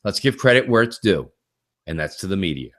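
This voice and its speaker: Animated profane gaming podcaster. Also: male voice, low-pitched, brisk. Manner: animated, profane, acts out quotes. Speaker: podcast co-host. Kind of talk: casual gaming chat.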